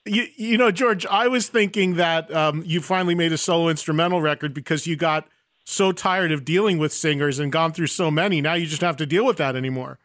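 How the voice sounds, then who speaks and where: A man hosts a rock podcast, his voice slightly high and recorded close and dry. He is enthusiastic and jokes with his guest. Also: brisk, fairly bright tone, no echo. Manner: enthusiastic, joking. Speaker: podcast host. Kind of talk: interview host chat.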